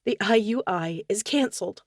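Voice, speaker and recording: A woman reader doing a distraught young wife in an audiobook, pitched well above her narrating voice and pushed louder. Her pleading lines crack with tears. The sound is close and dry. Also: animated, normal speed, no echo, natural voice. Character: anguished young wife, tearful and desperate. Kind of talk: audiobook character dialogue.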